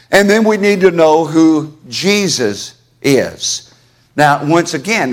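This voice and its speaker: A man preaching a sermon to his congregation in a church, folksy and conversational, calling on listeners by name. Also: on the high side. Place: church sanctuary.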